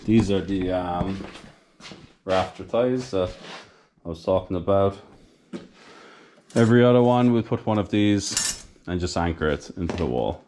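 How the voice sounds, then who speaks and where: A man's voice: low-pitched, unhurried, pauses often, a little mellow, a little hiss or hum. A man filming his farmhouse renovation, tired and out of breath, rambling and correcting himself as he talks to the camera while working. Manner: rambling, self-correcting, plain-spoken. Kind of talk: casual work commentary to camera. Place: building site, partly on a roof outdoors.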